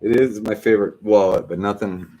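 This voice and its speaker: Middle-aged male trivia host with a very deep voice, relaxed and joking. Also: brisk. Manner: joking, prodding questions. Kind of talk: casual livestream hosting.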